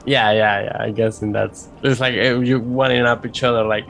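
A man's voice: on the low side, steady tone, normal speed, vocal fry, a bit bright, a little hiss or hum. A man playing a tabletop game, talking hesitantly with many restarts. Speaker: player. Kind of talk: casual tabletop play.

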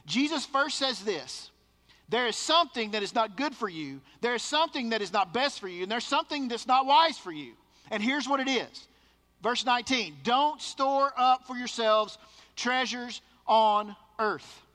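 A man's voice: extremely high pitch, lively intonation, moderate pace, sharp tone, long reverb tail. A man preaching a sermon as pastor, emphatic and repeating words for stress.

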